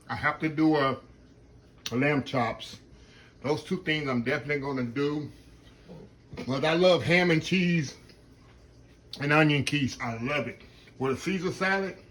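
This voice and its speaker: A man's voice: fairly high pitch, sharp tone. A man hosting a casual cooking vlog, chatting with his mouth full and humming "mm" between bites. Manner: chatty, talks with mouth full, murmurs "mm" while eating; Southern phrasing, says "y'all". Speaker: cooking channel host.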